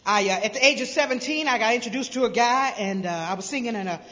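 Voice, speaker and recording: A woman from South Carolina telling her recovery story to a crowd, a lively storyteller who acts out voices with humor. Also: fairly high pitch, fast. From Greenville, South Carolina. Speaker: recovery speaker. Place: large convention hall. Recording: dull lo-fi convention hall recording with long reverb.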